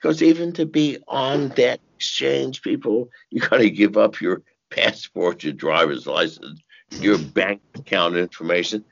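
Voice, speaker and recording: An older man with a deep, gravelly, husky voice, talking slowly and cursing freely. He tells his stories in bursts, with sudden leaps up in pitch and chuckles along the way. The audio is dull and lo-fi. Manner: profane, animated storytelling with sudden high shouts and laughs. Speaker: interview guest. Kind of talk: casual interview talk.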